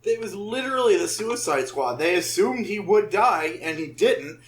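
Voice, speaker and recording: Animated high-voiced man ranting. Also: moderate pace. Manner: animated, exasperated ranting, swears freely. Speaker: podcast co-host. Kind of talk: casual podcast chat.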